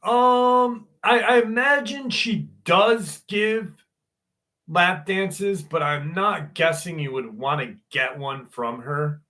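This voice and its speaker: A man hosts a live stream and tells a rambling story in an unhurried, drawn-out way. His voice is bright and forceful, and he swears and laughs often between lines. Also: high voice. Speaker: host. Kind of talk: casual live-stream chat.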